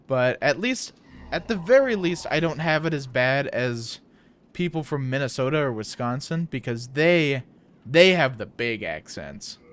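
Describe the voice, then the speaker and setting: A man's voice: mid-range voice, animated, measured pace, a bit bright. Rambling Midwestern man streaming a game. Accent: Midwestern American. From South Dakota, USA. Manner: loose, rambling and chatty. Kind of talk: casual chat while gaming.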